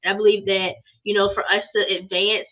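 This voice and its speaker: A young woman, a business owner, telling her story casually and lively in an interview. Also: medium pitch, a little fast. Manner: lively storytelling, acts out quoted people. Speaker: guest, apparel business owner. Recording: tinny phone-line sound.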